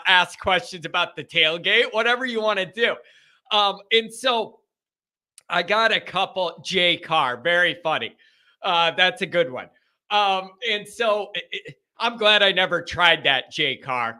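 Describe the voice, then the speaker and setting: Male stream host, high and bright, folksy energetic chat, faint music behind. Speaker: live-stream show host. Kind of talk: casual live-stream chat.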